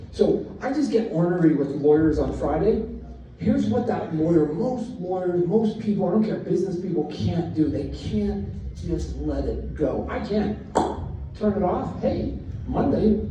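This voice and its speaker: A man on a convention panel telling blunt, animated stories to a live audience, sometimes acting out his own shouting. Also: fairly high pitch, muffled recording. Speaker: comics creator speaking on a convention panel. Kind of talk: anecdotal storytelling to a live audience. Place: large convention hall panel. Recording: echoey hall, distant from mic, faint noise.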